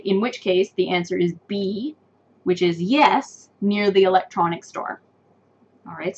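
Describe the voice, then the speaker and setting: A woman teaching an online English test-prep lesson, patient and encouraging, repeating each answer slowly. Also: medium pitch, highs cut off.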